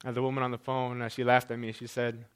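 A man in his twenties telling his own story in a speech, with a stutter that repeats sounds and words, and measured, deliberate pauses. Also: medium pitch, completely flat delivery, clear, resonant tone. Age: 20s. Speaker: speaker sharing his story.

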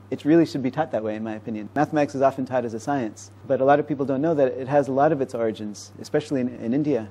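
A man of medium pitch and mellow tone, a mathematician and professor, walks through ideas during a conversational interview. His manner is explanatory and teacherly, patient yet quick-paced.

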